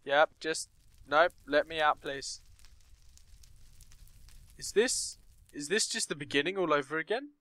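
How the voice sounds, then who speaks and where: Young man, game commentary, jumpy outbursts, slightly high voice, dry close sound. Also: measured pace, pauses often, bright, forceful tone, no room sound. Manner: jumpy, startled outbursts and nervous asides. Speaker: gameplay commentator. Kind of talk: let's play commentary, reading story text aloud.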